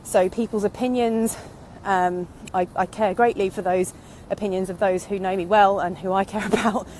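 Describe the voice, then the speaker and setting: A woman's voice: mid-range voice, steady tone, normal speed, a little mellow. A woman in her thirties gives a casual, reflective monologue, rambling candidly from one thought to the next. She is slightly breathless from walking outdoors, with faint traffic noise in the background. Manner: candid, rambling, goes off on tangents. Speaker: online business vlogger.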